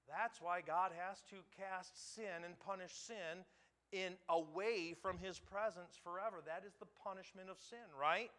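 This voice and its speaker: Male preacher, sermon delivery, pitched a bit high, sharp bright tone, swells to loud emphasis. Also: unhurried. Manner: repeats words for emphasis, asks the congregation questions. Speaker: pastor.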